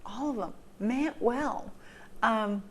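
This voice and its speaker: A woman's voice: a little high, takes it slowly, breathy edge. A woman in a heartfelt personal talk, sharing advice in an earnest, emotional way, with many ums and repeated phrases for emphasis. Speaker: vlogger sharing recovery advice.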